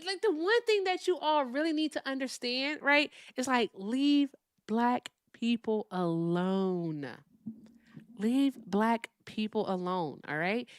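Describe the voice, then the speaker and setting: Woman streamer, profane emphatic rant, lively pitch, dry close sound. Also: no echo. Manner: profane, emphatic, repeats "all right?" tags. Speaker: host. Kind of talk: live-stream political rant.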